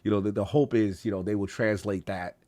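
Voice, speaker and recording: A man co-hosting a casual gaming podcast, measured and even-handed, laughing easily with his co-hosts. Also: fairly low pitch. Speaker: podcast co-host.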